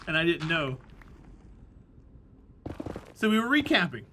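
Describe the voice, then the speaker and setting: Chatty male streamer, high voice, rambling casual talk over clear background noise. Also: wildly swooping pitch, slow pace. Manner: rambling, chatty, laughs easily. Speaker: game streamer. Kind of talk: casual live-stream chat while gaming.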